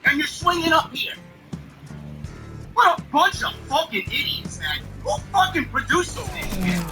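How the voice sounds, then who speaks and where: A man with an extremely high, sing-song voice delivers profane, exasperated wrestling commentary a little slowly and full of sarcasm. The recording is rough, with his voice off-mic and music behind.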